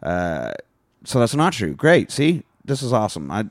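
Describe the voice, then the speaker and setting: A man with a lowish voice, retelling a movie plot in loose, joking podcast chat. He swears freely and acts out the characters in quick asides. The sound is close and dry, with no room around it. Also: very animated, no room sound. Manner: irreverent, profane, joking. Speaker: podcast co-host. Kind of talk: casual movie recap chat.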